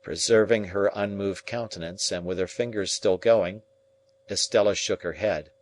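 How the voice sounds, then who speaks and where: A man reading a classic novel aloud as audiobook narrator, in a measured storytelling way. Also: on the low side, fairly even intonation.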